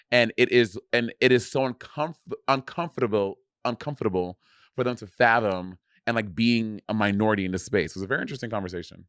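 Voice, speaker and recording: A man's voice: fairly low pitch, smooth, no echo, studio quality. A man co-hosting a casual podcast over a video call, talking loosely and swearing freely. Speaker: podcast co-host. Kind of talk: casual chat.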